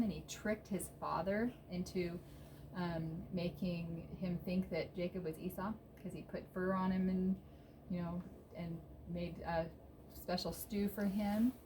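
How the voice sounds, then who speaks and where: A woman teaching children a Bible story, exclaiming often and pausing with fillers. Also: fairly low pitch, steady tone, warm tone, a little hiss or hum, poor audio. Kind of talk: storytelling lesson for kids.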